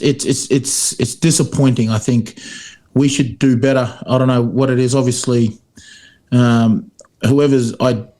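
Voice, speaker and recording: Chatty storytelling man, mid pitch. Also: a little mellow. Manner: storytelling, many fillers and restarts, acts out quotes. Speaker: podcast co-host, former rugby player. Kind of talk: casual chat.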